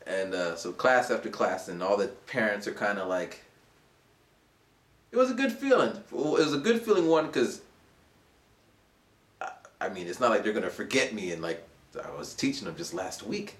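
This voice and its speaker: A man's voice: moderate pace, pauses often. A man around forty, an English teacher, casually telling a rambling story for his vlog. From United States. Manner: animated, rambling, acts out voices in a high pitch. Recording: roomy echo.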